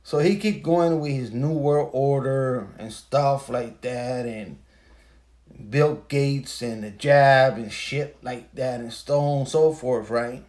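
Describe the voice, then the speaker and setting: A man's voice: mid-range voice, slow, darkish tone. A man hosting a podcast, telling a story in a casual, profane, emphatic rant full of rhetorical questions. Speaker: podcast host. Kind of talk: casual ranting monologue.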